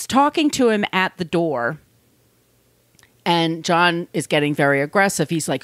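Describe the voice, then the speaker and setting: Woman, lower voice, blunt conversational true crime storytelling, dry close sound. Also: animated, a little slow, dry recording. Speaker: podcast co-host.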